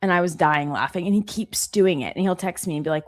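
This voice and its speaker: A woman in her thirties with a notably low voice hosts a live stream in a loose, chatty way. She tells anecdotes, fills her talk with "like" and "um", and faint music plays underneath. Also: quick pace. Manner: chatty and storytelling, with many fillers. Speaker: trading stream host. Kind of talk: casual live-stream chat.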